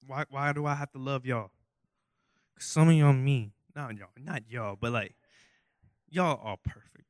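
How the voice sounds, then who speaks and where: A young man with a voice on the high side preaches a loose, joking sermon packed with rhetorical questions and wandering asides. He comes across as goofy and self-mocking. The audio is studio quality with no echo.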